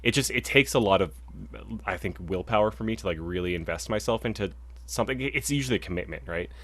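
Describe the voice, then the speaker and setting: A man's voice: on the low side, expressive, fast talker, a bit bright. A young man co-hosting a video game podcast, chatting casually and rambling with lots of restarts. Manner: rambling, many fillers and restarts. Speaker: podcast co-host. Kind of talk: casual chat.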